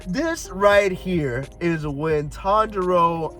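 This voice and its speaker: A young man talks through an anime spoiler review in a loud, slangy, excitable way. He breaks into laughter and sudden shouts as he speaks. His voice sits high for a man, with faint music underneath. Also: drawn-out words. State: stuffy nose.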